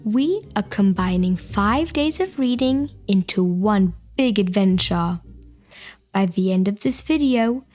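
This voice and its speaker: Female reading teacher for preschoolers: patient, affirming, mid-pitched, very slow delivery. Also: animated, a little mellow, faint music behind. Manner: encouraging, affirming, speaks directly to the child. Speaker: reading teacher for young children. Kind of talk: guided children's reading lesson.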